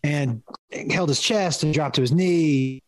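A man's voice: on the high side, a little slow, darkish tone, no room sound. A middle-aged man and comedian telling a funny story, laughing often and acting out the voices of the people in it. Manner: acts out quoted voices. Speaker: comedian guest. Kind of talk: animated comic storytelling.

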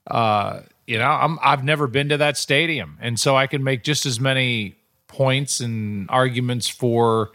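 A man's voice: mid-range voice, a little slow, pushed and bright, no echo, clean studio sound. A man who works in sports broadcasting, talking on a podcast in casual chat, rambling and repeating words as he goes.

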